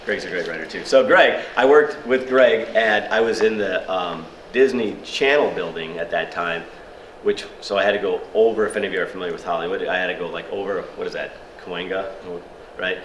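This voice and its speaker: A man telling lively anecdotes to a workshop audience, chuckling and using many fillers. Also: low-pitched, fairly quick, a little hiss or hum. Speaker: speaker at a screenwriting workshop. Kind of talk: storytelling talk to an audience. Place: workshop room at a film festival. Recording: echoey room with faint ambience.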